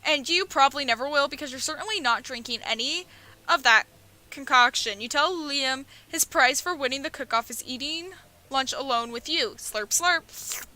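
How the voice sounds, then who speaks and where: At a moderate pace, a young woman with a bright, high voice reads a dating game on stream. She breaks off into jokes, laughs and curses, keeping a loose, playful tone.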